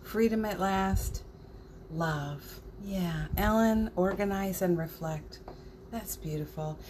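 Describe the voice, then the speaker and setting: Slow, tender woman hosting a morning stream. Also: mid-range voice, a little hiss or hum. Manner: warm, emotional, laughs and tears up. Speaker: host of a morning spiritual livestream. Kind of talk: casual spiritual chat reading viewer comments.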